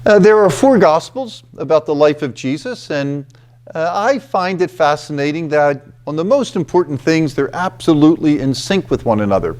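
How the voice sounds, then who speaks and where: A man giving a reflective scripture talk at a retreat house, deliberate and emphatic, often checking in with "okay" and "you know.". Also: fairly high pitch, lively intonation, a little mellow.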